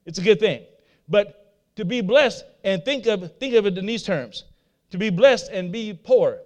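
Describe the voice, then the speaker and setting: He preaches in a high voice with lively intonation and a measured pace. He repeats his points over and over and puts rhetorical questions to the audience.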